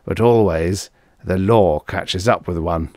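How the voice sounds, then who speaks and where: A man's voice: low voice, slow pace, darkish tone, dry recording, studio quality. A man voicing a skeptical male physicist who talks in a pointed, cynical way.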